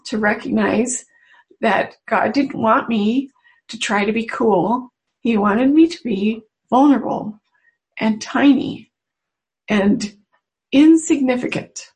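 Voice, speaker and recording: A woman with a somewhat high voice gives a personal spiritual talk to a webinar audience. She speaks as a mother, earnest and confiding, leaving unhurried pauses between her thoughts. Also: darkish tone, poor audio. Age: adult mother. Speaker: webinar presenter.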